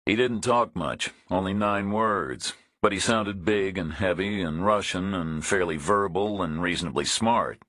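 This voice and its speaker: A male audiobook narrator voicing a blunt, tough hero who talks in a flat, matter-of-fact way. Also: sits low, unhurried, few pauses, no echo, clean studio sound, voice pushed up. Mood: threatening. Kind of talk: audiobook character voice.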